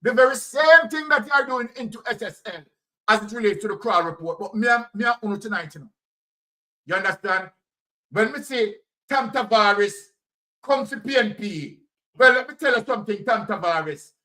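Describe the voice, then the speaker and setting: A man's voice: sits high, expressive, moderate pace, pushed and bright, low-quality recording. A Jamaican man giving fiery, repetitive political commentary straight to his audience.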